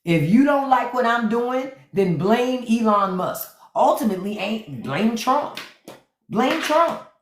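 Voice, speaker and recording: A woman's voice: fairly high pitch, expressive, takes it slowly. A woman hosting a livestream with sassy, playful comedic commentary that repeats lines for effect. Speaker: livestream host. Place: indoors, phone livestream. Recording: roomy echo.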